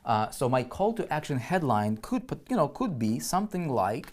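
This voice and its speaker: A man's voice: mid-range voice, big pitch swings, moderate pace, a little mellow. A man teaching online marketing on a live screen-share, chatty and full of "right?" check-ins and restarts, with keyboard typing heard behind him.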